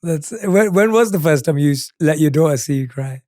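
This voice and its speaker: Soft-spoken male podcast host. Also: on the high side, animated, brisk, no echo, studio quality. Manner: soft short reactions, reflective questions. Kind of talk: interviewing.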